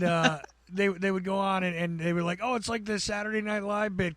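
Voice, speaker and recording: A man's voice: high voice, fairly quick, hardly any pauses, fairly bright tone, dry recording. A man with a New Jersey accent, co-hosting a podcast in a chatty, rambling way and laughing as he talks. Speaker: podcast co-host. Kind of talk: casual chat.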